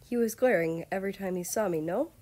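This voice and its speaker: A woman voicing a nonchalant, teasing young nobleman with a relaxed, smirking way of speaking. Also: mid-range voice, quick pace, close to an everyday voice. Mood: amused.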